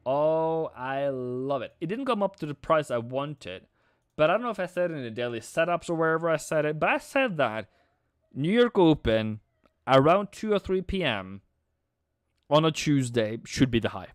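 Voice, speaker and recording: A man hosting a live trading stream, excitable and slangy, calling viewers mate and bro. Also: on the high side, normal speed, smooth, no room sound, studio quality.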